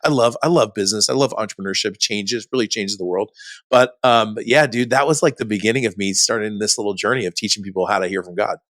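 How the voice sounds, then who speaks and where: A middle-aged man, a podcast guest, telling a personal story in a casual, animated way, full of "like" and "dude". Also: lowish voice, quick pace, no room sound, studio quality. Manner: animated, chatty, says "dude" and "like" often.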